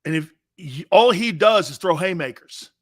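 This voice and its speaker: A brash middle-aged man running a live sports talk show. His voice sits high and swings widely as he argues, mocking pundits. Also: lively intonation, moderate pace. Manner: laughs at his own points.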